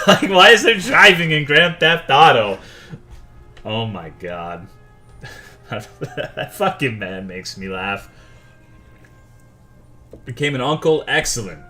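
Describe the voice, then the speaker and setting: A man's voice: medium pitch, pushed and bright. A young man streaming a game, chatting casually with viewers, swearing often and joking. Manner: profane, joking, reading chat aloud. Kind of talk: casual live-stream chat.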